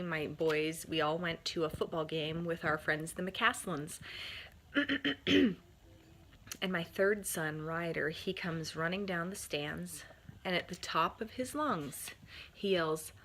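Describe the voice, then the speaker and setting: Bubbly, bright-voiced mom chatting. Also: female voice, fairly low pitch, a little hiss or hum. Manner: bubbly, laughing, energetic. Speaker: mom sharing family tips. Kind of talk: casual chat to camera.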